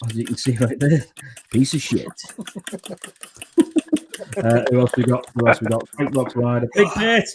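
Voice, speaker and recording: A man's voice: medium pitch, expressive, unhurried, long pauses, background noise. A man hosting a casual live stream, greeting viewers one by one as buddy and mate. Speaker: livestream host.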